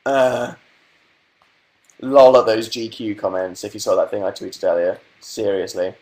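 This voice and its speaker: A man's voice: fairly low pitch, steady tone, measured pace, a little mellow. A young British man chatting casually on a live stream, reading out viewer comments with dry, sarcastic asides. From Britain. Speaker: livestream host.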